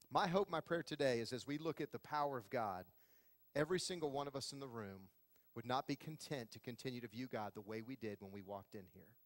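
A man preaching a sermon as pastor, telling a story with lively acted-out quotes. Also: high-pitched, no echo, big-room sound. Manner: animated storytelling, acting out quotes. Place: church sanctuary.

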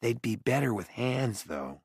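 A man's voice: medium pitch, very animated, a little slow, husky, no echo, studio quality, voice pushed up, full character voice. A man voicing an eager, chatty young boy in an audiobook. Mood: curious. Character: cheerful curious young boy, animal lover.

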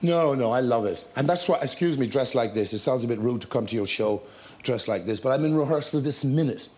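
A man, a talk show guest, telling lively anecdotes with laughter and acted-out scenes. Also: medium pitch, brisk. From Ireland. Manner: storytelling with laughter, acting out scenes.

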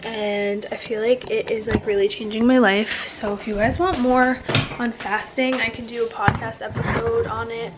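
A young woman chatting casually in a home vlog, rambling in a relaxed way. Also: on the high side, normal speed, background noise. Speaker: vlogger.

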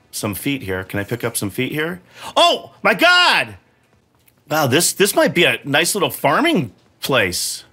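Brief: middle-aged man, bright, animated pitch, cursing gamer talking through his own play. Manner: swears often, rambles in broken restarts, exasperated. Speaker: gamer playing while his son coaches. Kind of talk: frustrated live gameplay commentary.

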